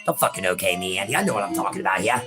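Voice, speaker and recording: Deep-voiced and animated, a man talks very fast over background music while co-hosting a casual game playthrough. His let's-play banter is full of teasing and swearing, and his partner's name comes up in nearly every sentence.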